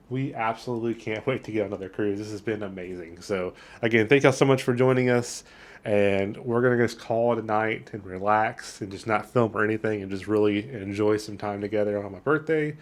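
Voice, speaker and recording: A man hosting a travel vlog, talking in a chatty, enthusiastic way while walking around outdoors on a town wharf. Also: fairly low pitch. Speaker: travel vlogger. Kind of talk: casual vlog narration.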